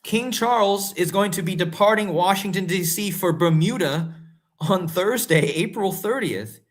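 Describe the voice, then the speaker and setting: A man hosting casual conspiracy commentary, talking straight to his viewers and growing excitable and incredulous. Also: high voice, measured pace. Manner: excitable, rising to incredulous emphasis; talks to viewers directly, often calling them guys and folks. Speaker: host.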